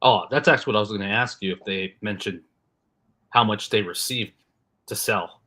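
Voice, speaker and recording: A man co-hosting a casual livestream chat, talking in a relaxed, rambling way with lots of fillers. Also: fairly low pitch, normal speed. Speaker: co-host.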